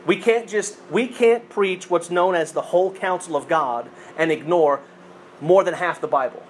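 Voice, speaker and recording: A man's voice: high voice, normal speed, a little hiss or hum. A man preaching a sermon as pastor, teaching in a conversational way, repeating phrases and correcting himself as he goes.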